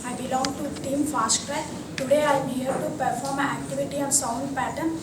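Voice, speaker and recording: A high-voiced young woman runs through a list of spelled words in a classroom presentation. She sounds distant in an echoey room, with clear noise behind her. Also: fairly even intonation, normal speed. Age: young adult. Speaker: college student.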